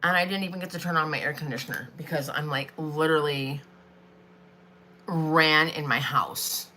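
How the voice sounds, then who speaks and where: A woman in her forties hosts a live craft stream. She talks in a rambling, chatty way with lots of fillers. Her voice sits a little low and comes across bright and forceful, with a faint hiss of noise behind it. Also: moderate pace. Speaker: craft vlogger.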